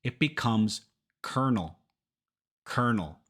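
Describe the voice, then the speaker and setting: A man from runs an English pronunciation lesson at an unhurried pace. His voice sits at an ordinary middle pitch, and he models each word carefully, repeating it so learners can copy him. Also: expressive, fairly bright tone. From Kentucky, United States.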